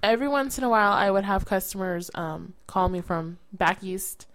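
A woman's voice: medium pitch, moderate pace, fairly bright tone, no room sound, poor audio. A woman from California co-hosting a podcast in casual chat, telling rambling, self-mocking stories with frequent restarts. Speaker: podcast co-host.

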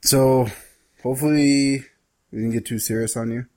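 A man's voice: mid-range voice, steady tone, normal speed, dark tone. A man co-hosting a podcast in crude casual banter, swearing freely, poking fun at himself and laughing often, in a small room. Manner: profane, self-deprecating, laughs often. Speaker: podcast co-host.

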